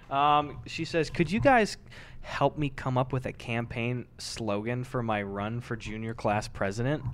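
A man's voice: medium pitch, measured pace. A young man co-hosting a casual podcast chat, joking and swearing and laughing often. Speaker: podcast co-host.

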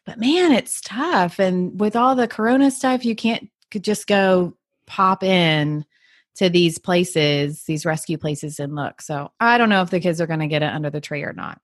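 A woman's voice: fairly low pitch, normal speed, dry recording, studio quality. A woman co-hosting a podcast in casual, upbeat chat, laughing easily and talking about her kids. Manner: upbeat, easygoing, laughs often. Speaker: podcast co-host; mother.

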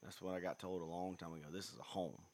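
A man's voice: sits low, fairly even intonation, quick pace, darkish tone. A man, chatting casually and rambling as a podcast co-host, laughing often. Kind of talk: casual chat.

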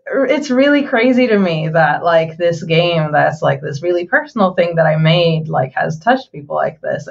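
A woman game developer talking casually in an interview, halting with many fillers and restarts. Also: on the low side, gravelly, muffled recording.

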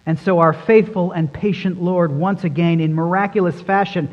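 A man's voice: sits high, fairly even intonation, unhurried. A man preaching a sermon as pastor, emphatic and fond of repeating phrases for stress. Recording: long reverb in a large hall.

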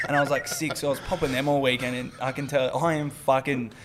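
A man's voice: mid-range voice, fairly even intonation, fast. A young Australian man, a comedian guest, telling crude party stories in a casual podcast chat, swearing and laughing, scattered after a big weekend. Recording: noisy podcast recording.

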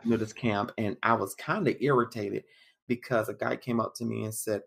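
A man as an interview guest, giving measured, plainspoken answers that he lays out point by point. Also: fairly low pitch, steady tone, creaky, a bit bright, husky. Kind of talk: casual interview chat.

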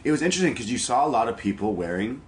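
A man's voice: mid-range voice, sing-song, rapid-fire, a little hiss or hum. A man from Canada co-hosting a podcast, chatting casually and rambling cheerfully, laughing often. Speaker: podcast co-host. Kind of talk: casual chat.

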